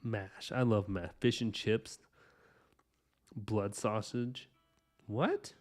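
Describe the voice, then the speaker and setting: Rambling, low-voiced male stream host. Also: steady tone, extremely slow, faint music behind. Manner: rambling and enthusiastic, many "like"s and "you know"s. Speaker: livestream art host chatting with viewers. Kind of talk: casual live-stream chat.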